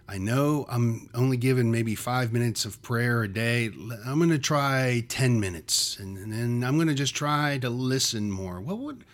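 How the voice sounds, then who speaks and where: A man's voice: medium pitch, expressive, moderate pace, few pauses. A man in his fifties co-hosting a faith podcast, speaking earnestly and posing reflective questions.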